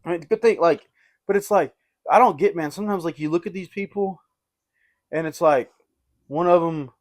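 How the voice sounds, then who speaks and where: A man, a podcast host telling a rambling, animated story in casual chat. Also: a little high, normal speed. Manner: rambling and animated, uses "dude" and "like" a lot.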